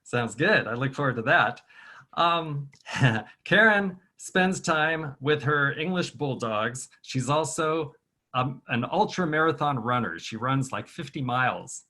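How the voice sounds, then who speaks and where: Slow, patient man leading a kids' storytime. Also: medium pitch, lively intonation, bright, forceful tone. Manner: patient, sounds words out slowly for kids to repeat. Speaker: children's author leading a virtual storytime. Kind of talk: teaching phrases and clapping rhythms to children. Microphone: video call.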